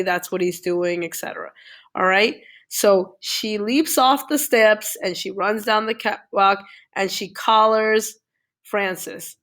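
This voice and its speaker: A woman teacher reviews a reading with her class, retelling the story in a relaxed, conversational way. She keeps checking in with her listeners, tagging her sentences with "okay?" and "all right?". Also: medium pitch.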